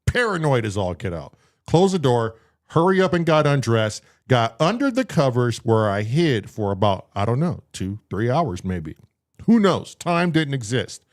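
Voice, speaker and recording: Animated man telling a wild story. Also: medium pitch, moderate pace. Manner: animated, acts out voices in his story; swears freely. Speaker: podcast co-host telling a story. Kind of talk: casual storytelling.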